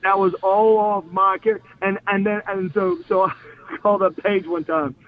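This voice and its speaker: A middle-aged man and former pro wrestler telling excited stories as an interview guest, stumbling over restarts and acting out quotes. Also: sits high, moderate pace. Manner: excited, repeats words and restarts, acts out quotes. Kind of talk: animated storytelling in an interview. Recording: phone-like line with faint hiss.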